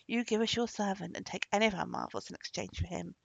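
A woman's voice: mid-range voice, fast, creaky, slightly rough, dry recording. A woman playing boisterous greedy merchants. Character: greedy seafaring male merchants. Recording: dull lo-fi recording.

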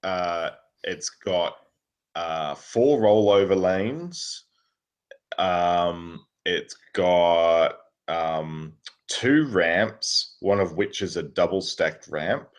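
A man's voice: low-pitched, lively intonation, drawn-out words. A man co-hosting a podcast, talking in a laid-back, playful way with frequent chuckles. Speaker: podcast co-host. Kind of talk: casual reminiscing chat.

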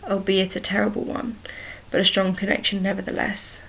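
Calm female ghost, slow, soft and gentle, read by a woman narrator; flat and a little gravelly. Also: mid-range voice, rough recording. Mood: explaining calmly.

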